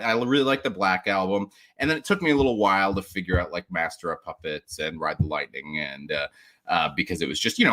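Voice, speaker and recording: A man's voice: mid-range voice, fairly bright tone. A man chatting casually as a podcast guest, rambling with many restarts, laughing often and acting out what other people said. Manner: acts out quoted people in mock voices. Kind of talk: casual chat.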